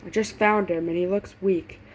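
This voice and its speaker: A woman reading the lines of a calm, content gambling man who speaks evenly. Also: lowish voice, normal speed, lo-fi sound, a little hiss or hum, natural voice. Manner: calm, even.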